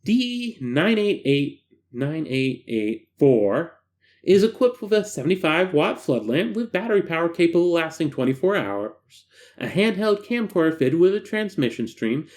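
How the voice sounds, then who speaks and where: Guy reading a creepy report out loud, voice swinging up and down, cracks little jokes. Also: a little high, moderate pace. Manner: animated, breaks off for jokey asides. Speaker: host reading a horror file. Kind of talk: dramatic reading with asides.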